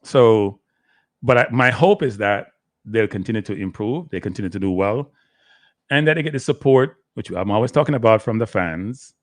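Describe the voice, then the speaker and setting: A low-voiced man hosts a casual live sports stream, rambling on and chatting to his viewers by name. His throat is dry, and the sound is close and dry with no room echo. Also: animated, normal speed. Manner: rambling, talks to the chat by name, slips into Caribbean patois.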